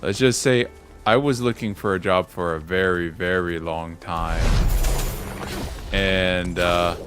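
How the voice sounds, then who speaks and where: A man's voice: low voice, slow pace, over music. A man streaming a video game, chatting casually with viewers and swearing at the game when it goes wrong. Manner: animated, swears at the game and laughs. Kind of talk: casual gaming stream chat.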